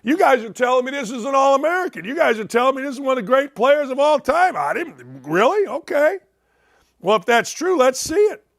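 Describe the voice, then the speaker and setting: A man's voice: very high voice, very animated, a little fast, vocal fry. A middle-aged man hosting a sports talk show, giving a blunt, fired-up monologue full of mocking asides.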